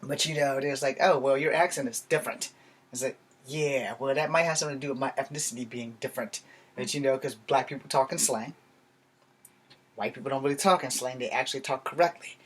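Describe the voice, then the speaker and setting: A man's voice: mid-range voice, steady tone, brisk, fairly bright tone, husky. Blunt, profane man ranting from Virginia. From Virginia, USA. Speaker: vlogger. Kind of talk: casual ranting monologue.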